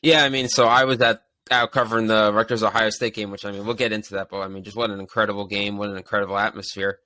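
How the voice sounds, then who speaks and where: A man, a sports reporter guesting on a podcast, telling a story excitedly with many fillers. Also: on the low side, quick pace, dry recording. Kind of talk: casual sports podcast chat.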